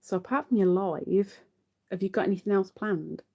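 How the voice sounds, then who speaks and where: A woman's voice: mid-range voice, normal speed, a little mellow, husky. A woman hosting a live crochet stream, chatting casually to viewers while she counts her stitches.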